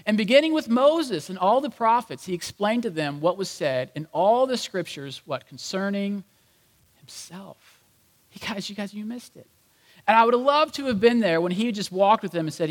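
A man preaching with a high voice. He talks in a casual, lively way and acts out the voices of people in the story as he goes. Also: moderate pace, big-room sound. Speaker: pastor. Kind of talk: sermon.

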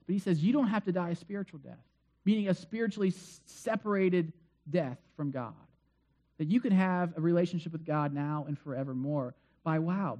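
Male pastor, high voice, earnest emphatic sermon delivery. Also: mellow. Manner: earnest, emphatic preaching with repetition.

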